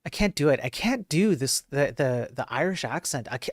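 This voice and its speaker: A man's voice: fairly high pitch, animated, normal speed, hardly any pauses, no echo, clean studio sound. A man hosting a live stream, chatting casually and self-deprecatingly with his viewers, rambling from one aside to the next. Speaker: livestream host.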